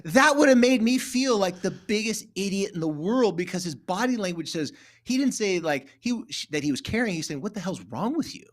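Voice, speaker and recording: Middle-aged male therapist guest, casual and animated, voice a touch high. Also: moderate pace, few pauses. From California. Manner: animated, acts out quoted dialogue. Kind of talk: casual conversational storytelling.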